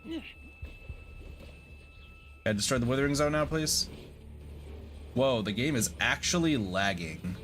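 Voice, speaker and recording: A man's voice: mid-range voice, expressive, unhurried, pauses often, fairly bright tone, slight background noise. A man streaming a video game, muttering casual, mildly crude commentary and reading dialogue aloud.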